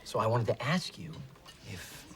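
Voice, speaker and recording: A man's voice: medium pitch, very animated, a little slow, fairly bright tone. A man acting a bumbling, evasive boyfriend in a sitcom.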